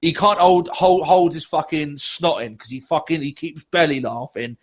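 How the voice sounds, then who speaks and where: A man's voice: a little high, normal speed. A man co-hosting a casual podcast, ranting with lots of swearing and sarcasm. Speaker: podcast co-host.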